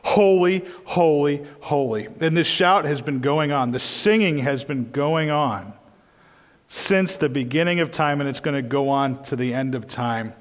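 A man's voice: mid-range voice, normal speed, fairly bright tone, long reverb tail. A man preaching a sermon in a church, earnest and emphatic, often repeating his phrases.

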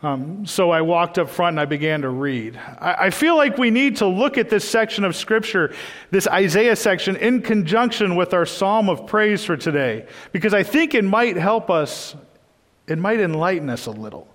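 A man's voice: high voice, expressive, normal speed, fairly bright tone, in a large hall. A man preaching a sermon in a church, earnest and emphatic, often repeating his phrases.

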